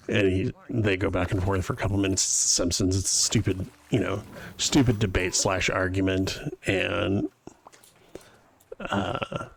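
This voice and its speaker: A man with a low, steady, somewhat creaky voice talks a bit slowly while live-streaming a video game. He rambles casually to his viewers as he plays.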